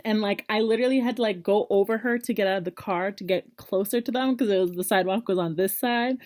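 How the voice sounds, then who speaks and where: A woman's voice: mid-range voice, fast talker, darkish tone. A young woman vlogger stepping in to explain something casually to her viewers. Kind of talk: casual aside to camera.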